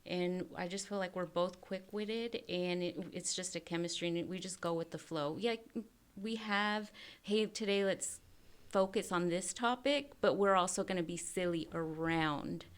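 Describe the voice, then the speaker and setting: Woman podcast co-host, casual and chatty, smooth clear voice, laughs a lot. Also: fairly low pitch, unhurried. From Mexican-American, grew up in the US. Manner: chatty, laughs easily, many fillers. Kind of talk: casual chat.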